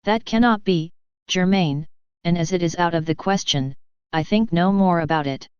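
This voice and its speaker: A young shepherdess girl from an old storybook, gentle and lightly mocking, as a woman reads her. The voice is smooth and clear, sitting low. The recording is dry and a little dull. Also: moderate pace, no room sound, natural voice. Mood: teasing. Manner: gently teasing.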